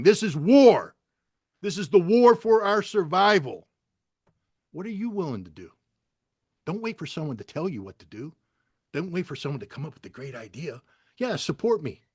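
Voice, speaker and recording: A man on a video call giving an impassioned speech, angry, blunt and profane, at times rising close to a shout. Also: fairly high pitch, slightly rough, dry recording. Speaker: guest speaker on a video call.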